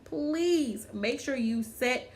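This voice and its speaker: A woman's voice: high voice, lively intonation, very slow. A woman hosting a casual livestream chat, talking to viewers by name, repeating her phrases and laughing often. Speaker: livestream host.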